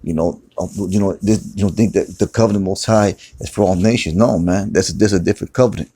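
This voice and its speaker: A man's voice: deep voice, fast, mellow, slightly rough. A man teaching scripture in a loose, conversational way, repeating words and often saying "man". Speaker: preacher. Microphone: phone screen recording.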